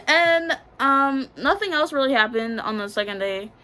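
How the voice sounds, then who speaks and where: A woman's voice: high voice, expressive, measured pace, sharp tone. A young woman from the Bahamas, telling a candid, slangy storytime about a past relationship. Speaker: vlogger. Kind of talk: storytime vlog.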